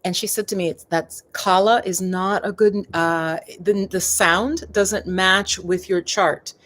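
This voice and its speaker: A woman's voice: mid-range voice, steady tone, unhurried, a bit bright. A middle-aged woman hosting a live stream on yoga and meditation, chatting casually and wandering off on tangents, often calling her viewers "you guys.".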